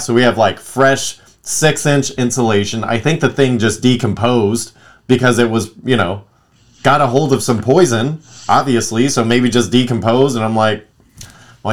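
A man in his thirties chatting casually as a podcast co-host, telling stories animatedly and acting out what others said. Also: medium pitch. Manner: animated storyteller, acts out quotes. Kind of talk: casual chat.

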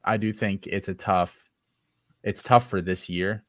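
A man's voice: deep voice, fairly even intonation, measured pace, dry recording. A man on a podcast panel giving blunt, opinionated takes in a casual discussion, often hedging with "you know".

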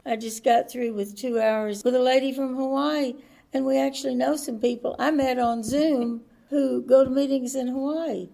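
A woman's voice: high-pitched, fairly even intonation, normal speed, creaky, mellow. A woman giving earnest interview answers at a conference. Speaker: conference attendee, AA member.

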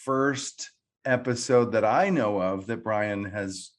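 Lower-voiced man in a relaxed podcast chat. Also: slow. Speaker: podcast co-host. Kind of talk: casual chat.

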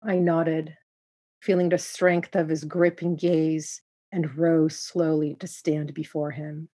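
A woman narrating a first-person story in a calm, measured reading. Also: low voice.

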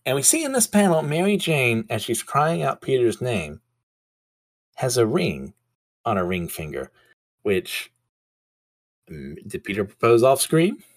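A man's voice: mid-range voice, sing-song, unhurried, long pauses. A man hosting a casual comic recap show, chatty and self-deprecating, with many fillers. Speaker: comic book podcast host.

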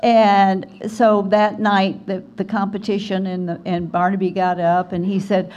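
An older woman from Alabama tells a story, at an easy middle pitch. She slips into the voices of the people in her tale. The recording sounds a little dull and lo-fi. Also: unhurried, clean tone. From Alabama, USA. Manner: animated storyteller, acts out quoted voices. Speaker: guest speaker. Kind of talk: storytelling talk at a writers conference. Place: conference hall.

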